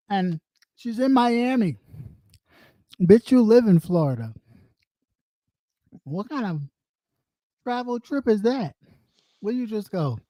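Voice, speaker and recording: A commentary host drawls slowly through a crude, profane roast, short of breath and pausing for long eating noises. The sound is dry and close. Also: medium pitch, dry recording, muffled recording. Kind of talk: casual commentary.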